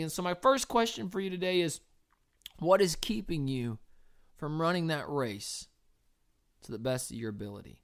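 A woman preaching an earnest, encouraging sermon, rising to loud cheering and dropping to soft, quiet appeals. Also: on the low side, expressive, moderate pace, clean tone.

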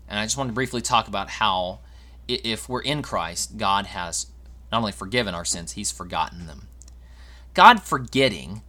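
A male preacher delivering a sermon in an earnest, conversational style. His pitch rises and falls a great deal as he poses rhetorical questions and acts out quotes. His voice is bright and forward.

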